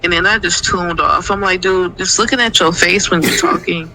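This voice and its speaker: A man's voice: high voice, fairly even intonation, normal speed, noisy background. A man in a confrontational rant, taunting and insulting in casual slang.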